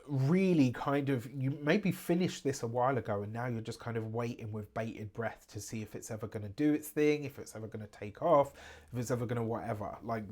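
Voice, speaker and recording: A man's voice: medium pitch, darkish tone. A man giving a casual weekly tarot reading to camera, chatty and self-mocking, with frequent asides to viewers. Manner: chatty, laughs at himself, frequent "right?" asides. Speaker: tarot reader.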